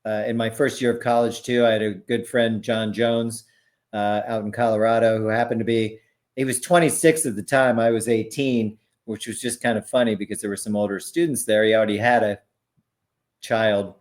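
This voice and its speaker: A man's voice: fairly low pitch, steady tone, moderate pace. A man in his forties, a podcast co-host, speaking in a laid-back, hesitant way in casual chat. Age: 40s.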